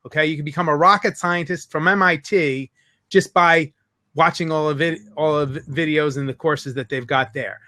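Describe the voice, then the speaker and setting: Bright, high-voiced man hosting an interview. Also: steady tone. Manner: enthusiastic, quick storytelling with restarts. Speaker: interview host. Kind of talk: casual interview chat.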